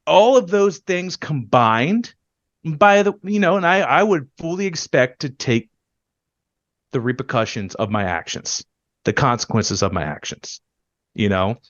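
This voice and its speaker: A man co-hosting a podcast in heated casual chat, ranting and swearing, with quick loud bursts that then drop low. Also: expressive, dry recording, lo-fi sound. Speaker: podcast co-host.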